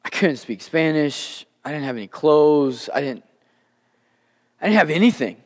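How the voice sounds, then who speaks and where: Animated male pastor in a reverberant hall. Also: on the high side, normal speed. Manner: animated, acts out quoted dialogue. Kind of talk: storytelling sermon. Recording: long reverb of a large hall.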